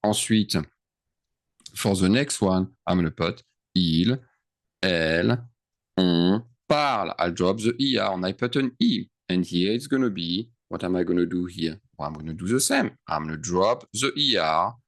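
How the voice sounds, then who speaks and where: A deep-voiced, expressive man speaking at normal speed gives a slow, explanatory French grammar lesson on verb endings. As he writes, he stretches his words and pauses often to make sure his students understand.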